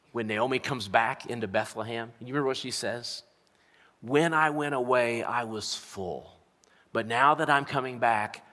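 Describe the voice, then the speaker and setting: Male pastor, bright voice, preaching in a reverberant church hall, paced with dramatic pauses. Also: mid-range voice. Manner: dramatic pauses, leads congregation in repeating words. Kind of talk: sermon.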